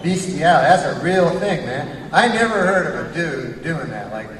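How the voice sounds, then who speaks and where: A man doing a rambling stand-up set, deadpan, with filler phrases. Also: a little high, normal speed, slight background noise. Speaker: stand-up comedian. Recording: echoey club from far off with loud crowd. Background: audience laughter.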